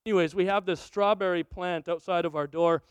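A man preaching a sermon, telling a family story in an animated way and acting out its dialogue. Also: sits high, brisk, clear, resonant tone, no room sound. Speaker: pastor.

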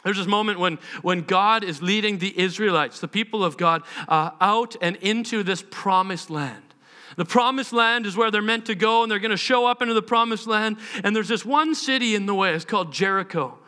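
A man's voice: high voice, normal speed, sharp tone, clear, resonant tone. A man preaching a live church sermon, earnest and impassioned, acting out prayers and the voices of other people. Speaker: pastor. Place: church service.

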